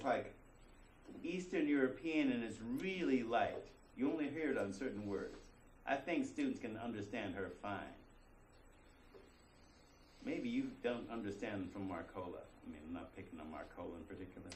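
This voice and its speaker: This college lecture comes from a man whose voice sits on the low side, moving at a moderate pace as he talks conversationally and leans on rhetorical questions. A faint hiss or hum runs under the distant, roomy classroom recording.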